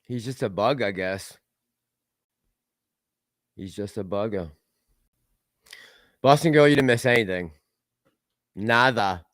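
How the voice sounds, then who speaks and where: A man's voice: fairly low pitch, takes it slowly, long pauses, fairly bright tone, dry recording, clean studio sound. A man hosting a casual livestream, rambling and laughing as he reads out and answers chat messages. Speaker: livestream host reading chat.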